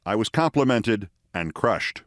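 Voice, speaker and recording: A Bronx-born man in his sixties hosts and tells a wry, precisely delivered anecdote as a storytelling monologue. His lowish voice has lively intonation and an unhurried pace. The recording is dry with clean studio sound.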